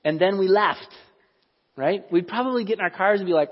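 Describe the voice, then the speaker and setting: Pastor, male, high-pitched and a little husky, conversational sermon with questions to the room, dull lo-fi hall recording. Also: fairly quick. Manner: conversational, animated, asks the audience questions. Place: church hall.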